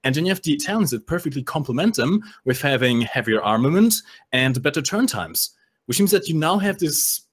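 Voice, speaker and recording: A man talking through game tactics on a podcast. He explains matchups analytically and drops the odd jokey aside. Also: on the high side. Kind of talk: casual gaming podcast chat.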